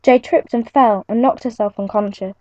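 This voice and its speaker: A young woman reads her own adventure story aloud in an earnest, steady manner. Her voice sits a little high and mellow. The home recording is muffled and dry. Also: moderate pace, no echo. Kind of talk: reading an original story aloud.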